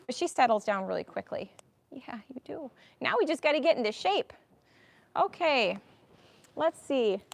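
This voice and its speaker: A young woman with a fairly high voice talks her viewers through a horse lesson, rambling and chatty as she works. She speaks from a riding arena into a camera set on a tripod. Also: very animated, normal speed, vocal fry, pauses often. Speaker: horse trainer. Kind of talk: live-stream riding commentary.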